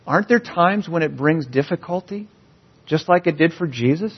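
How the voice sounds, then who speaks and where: A pastor preaching a sermon in a church, earnest and building emphasis on key phrases. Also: male voice, a little high, animated, moderate pace, breathy edge. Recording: dull, slightly lo-fi sound.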